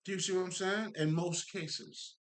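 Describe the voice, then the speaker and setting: A man with a high-sitting, steady voice talks at a normal speed in a loose, profane spiritual monologue. Emphatic and rambling, he leans on fillers and frequently turns aside to address his listeners.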